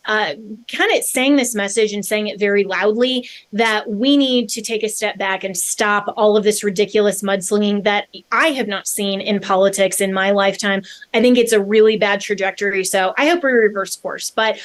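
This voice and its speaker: A woman hosting a political talk show, speaking earnestly and at a measured pace with frequent fillers and restarts. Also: fairly high pitch. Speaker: host.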